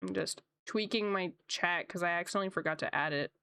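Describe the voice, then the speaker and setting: A woman art streamer chats casually with her viewers at her home streaming setup, upbeat and quick to laugh, her pitch leaping up when something excites her. Her voice is smooth and clear on a close desk mic with a dry sound, though she has a slight cough from a coming sore throat. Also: dry recording. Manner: chatty and upbeat, laughs often, voice jumps high when excited. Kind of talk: casual chat with live chat viewers.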